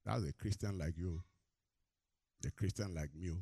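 Preacher with call-and-response delivery. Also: male voice, normal speed, vocal fry, slightly rough, dry recording. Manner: call-and-response, has the congregation finish verses; animated storytelling, climbs high and loud in anecdotes. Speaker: pastor. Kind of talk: preaching sermon.

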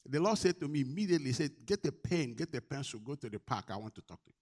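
Preaching man, from hushed to shouting. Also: mid-range voice, lively intonation, quick pace, husky. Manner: preaching with call-and-response, swinging from soft to loud. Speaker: pastor. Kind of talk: sermon.

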